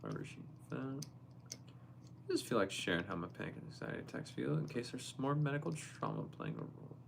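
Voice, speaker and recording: A young man hosting a casual livestream, reading viewer messages aloud and reacting to them in a quick, playful way. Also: medium pitch, wildly swooping pitch, gravelly, slight background noise. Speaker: livestream host. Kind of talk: casual live-stream chat.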